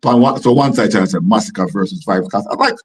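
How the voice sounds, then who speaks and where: A man's voice: lowish voice, fast talker, husky, poor audio. A man with a Jamaican accent hosting a casual call-in livestream, talking in repeated, stumbling starts. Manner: repetitive, stammering, laughs often. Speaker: livestream host.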